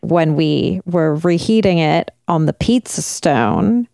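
Animated, swearing woman, dry close sound. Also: takes it slowly, vocal fry, dry recording. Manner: animated, swears casually, big pitch jumps. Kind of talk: casual chat.

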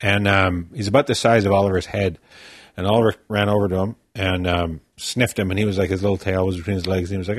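A man chatting casually as a podcast co-host, telling animated stories and laughing easily. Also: lowish voice, no room sound, studio quality. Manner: animated storyteller, quick to laugh. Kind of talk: casual chat.

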